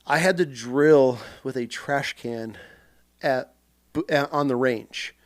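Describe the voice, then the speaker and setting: A man hosting a casual podcast, telling lively stories and swearing freely as he acts out shouted quotes. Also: medium pitch, slow. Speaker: podcast host. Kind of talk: casual storytelling chat.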